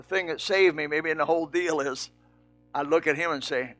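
An older man preaching a sermon, swinging from shouts to soft, low asides. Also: lively intonation, fast talker, soft background music.

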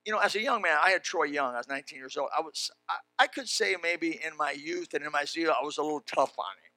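This older preacher opens his sermon with folksy, homespun stories and then climbs into shouted exhortation. His high voice has a sharp, bright edge, and he speaks fast. The recording is dry and close, with no room sound at all.

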